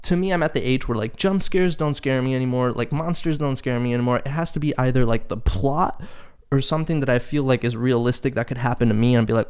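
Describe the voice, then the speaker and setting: A young man hosting a casual solo podcast, telling stories in an animated, profane, exasperated way. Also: mid-range voice, a little fast, smooth. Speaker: podcast host.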